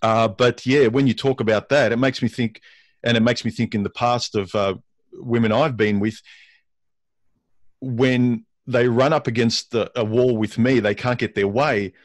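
A man's voice: medium pitch, fairly even intonation, no room sound. A man as a guest in a casual discussion, often repeating words as he works out his thoughts. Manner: halting, repeats words while thinking.

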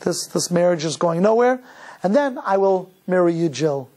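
A man voicing a cold, distant husband who talks in a firm, flat way, as he tells a story in a talk. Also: sits high, moderate pace, pitched below the performer's own voice.

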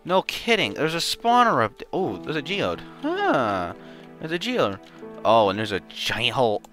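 A man giving casual gameplay commentary, excitable and slangy, swinging from muttering to yelling. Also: mid-range voice, a little slow, faint music behind. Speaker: gaming channel host.

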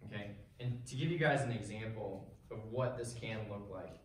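A man's voice: fairly low pitch, normal speed. A young man preaching to a youth group in a casual, chatty way, full of fillers and frequent "right?" and "okay?" check-ins. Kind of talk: sermon. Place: church hall. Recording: very echoey hall, mic far off, faint noise.

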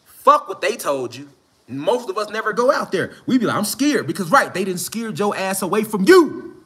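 A man delivering a slang-heavy, preaching-style monologue outdoors, building to shouted emphasis. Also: sits high, very animated, normal speed, breathy edge. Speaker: online spiritual speaker. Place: outdoors in the mountains.

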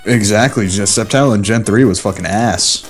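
A man's voice: lowish voice, moderate pace, husky, faint music behind. A man chatting about a video game with friends, blunt and profane. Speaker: let's play co-host. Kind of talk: casual gaming chat. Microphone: home computer mic, online voice chat.

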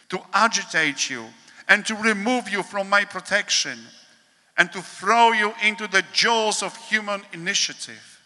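A priest reading a devotional meditation in a slow, measured, solemn way, with pauses, in a large hall. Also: male voice, high voice, bright, forceful tone.

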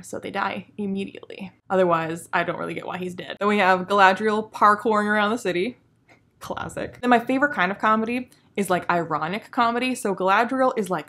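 A woman hosting a comedic review vlog, talking with dry, sarcastic, deadpan humor. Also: medium pitch. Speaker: video host reviewing a show.

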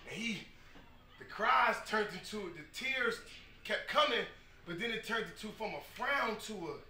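A man's voice: sits high, animated, normal speed. Emphatic man speaking in an echoey hall. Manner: emphatic, storytelling, repeats phrases, builds to shouting. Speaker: speaker at a youth football ceremony. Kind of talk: impassioned speech to an audience. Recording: echoey room, speaker far from mic, noisy.

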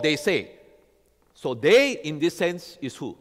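Heard through long hall reverb, a pastor with a fairly high voice delivers his sermon slowly but with great animation. Again and again he checks in with the congregation, asking "all right?"

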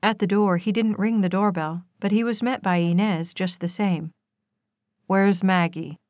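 A woman narrating a romance novel as an audiobook, with steady, expressive storytelling. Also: medium pitch, moderate pace, no echo.

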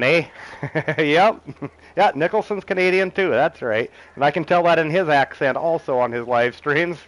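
A middle-aged game streamer casually comments on his farming game as he plays, reading chat and talking with viewers. He chuckles often and talks to himself about the next task, his voice on the high side in a rough recording.

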